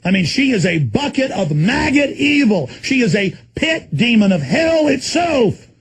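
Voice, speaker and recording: A man hosting a talk show, ranting erratically and suddenly exploding into shouts, speaking from a studio full of electronics. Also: extremely high pitch, sing-song, a little slow, a little hiss or hum.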